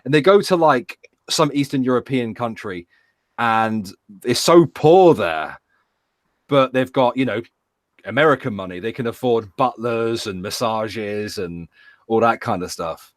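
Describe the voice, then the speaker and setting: A man's voice: medium pitch, unhurried, no room sound. Chatty British man, dry close sound. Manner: rambling, stammering repeats, animated retellings. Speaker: podcast co-host. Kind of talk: casual chat.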